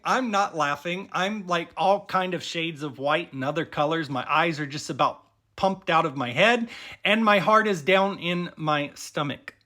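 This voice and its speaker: A man with a Cajun accent telling a funny story casually, chatty and animated, with many fillers. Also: sits high. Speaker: vlogger.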